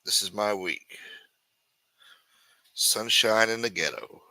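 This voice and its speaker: A man hosting a casual livestream, greeting viewers with loud mock-preacher calls, crude banter and sing-song asides. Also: fairly low pitch, animated, slow pace, creaky, no room sound. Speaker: livestream host. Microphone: desk microphone.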